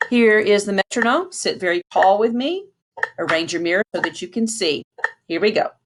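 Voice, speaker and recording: A woman's voice: mid-range voice, lively intonation, moderate pace. A woman band teacher giving a patient lesson, counting aloud and demonstrating breaths and mouth shapes.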